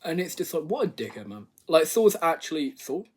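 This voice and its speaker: A man's voice: fairly high pitch, big pitch swings, brisk, darkish tone, breathy edge. A man giving a rambling, comedic movie review rant, swearing and exaggerating. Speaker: video reviewer.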